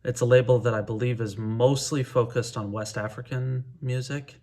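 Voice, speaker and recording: A middle-aged man with a medium-pitched voice, chatting to camera about music he loves. He is relaxed and enthusiastic, and often pauses to hesitate as he speaks. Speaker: music vlogger. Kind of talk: casual talk to camera counting down favorite records.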